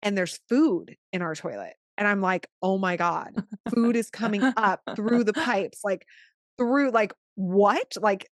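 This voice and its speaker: Animated woman telling a story. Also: medium pitch, a little slow, no echo, clean studio sound. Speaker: podcast co-host, retreat leader. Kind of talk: casual chat.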